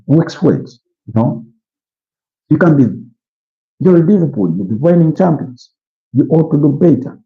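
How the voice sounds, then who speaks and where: Over muffled, lo-fi stream audio, a man from Uganda hosts a football watch-along, sounding weary and yawning as he gives loose live commentary and opinion. He rambles, dropping "you know" again and again, in a mellow mid-range voice.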